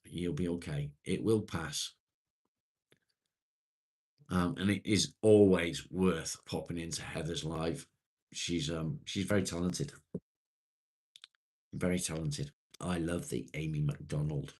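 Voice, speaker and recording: Low-voiced middle-aged man chatting. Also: takes it slowly. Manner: relaxed, chatty, reassuring with viewers. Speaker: live stream host. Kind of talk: casual live stream chat with viewers.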